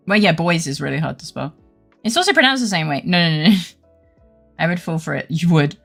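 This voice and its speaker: A young woman streamer talks casually to her chat, joking and laughing often, with swearing dropped in easily. Her voice sits low and carries a lot of gravelly fry. Quiet music plays faintly underneath. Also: expressive, a little fast. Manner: giggly, playful, swears casually. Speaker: game streamer. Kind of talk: casual chat reading live chat.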